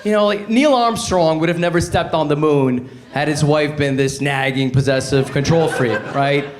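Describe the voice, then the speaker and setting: Canadian male comic in his forties, high voice, wry, plays both sides of a couple's fights, noisy live room. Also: normal speed. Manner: wry, acts out both sides of marital arguments. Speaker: stand-up comedian. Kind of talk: stand-up routine. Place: comedy stage before a live audience.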